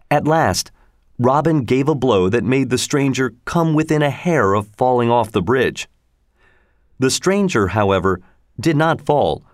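A man reading a storybook aloud in a measured, expressive way. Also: mid-range voice, dry recording, clean studio sound. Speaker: narrator.

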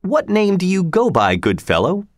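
A man's voice: high-pitched, huge pitch swings, normal speed, dry recording, studio quality, voice pushed up. A man voicing a cheerful, bold male outlaw leader who speaks in a hearty, laughing tone, raised above his narrating voice.

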